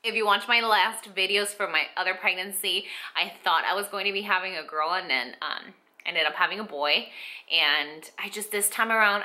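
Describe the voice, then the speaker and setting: Bright-voiced tearful young woman vlogging. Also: fairly low pitch, moderate pace. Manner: chatty and rambling, often emotional and teary. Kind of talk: casual pregnancy update vlog.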